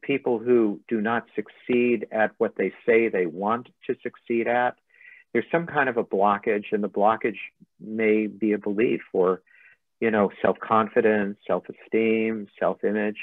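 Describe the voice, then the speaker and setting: A man's voice: on the low side, fairly even intonation, unhurried, no room sound. A man, a motivational coach, giving a webinar presentation over a video call. He talks conversationally and tells humorous anecdotes. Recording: thin phone-like line, dry.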